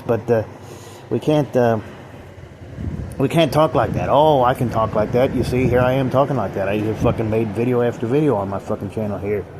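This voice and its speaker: Low-voiced man ranting bitterly. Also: background noise. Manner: rambling, profane, bitter. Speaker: vlogger. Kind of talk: rambling philosophical monologue.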